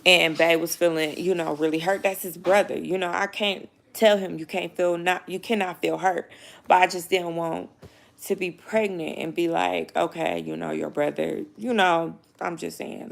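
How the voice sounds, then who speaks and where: Gravelly-voiced young woman, tearful vlog. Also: lowish voice. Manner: emotional, rambling, frequent "you know what I mean", swears. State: near tears. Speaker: vlogger. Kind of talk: casual personal storytelling to camera.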